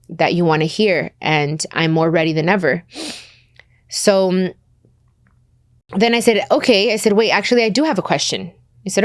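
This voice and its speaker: A woman's voice: on the low side, no room sound, studio quality. A woman podcast host in her thirties telling a personal story candidly and emotionally, acting out the dialogue as she goes.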